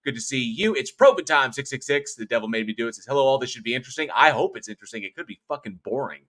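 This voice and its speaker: Man, livestream host, bright voice, casual chat, reads out comments. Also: mid-range voice, animated, racing. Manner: chatty, thanks viewers one by one, swears casually.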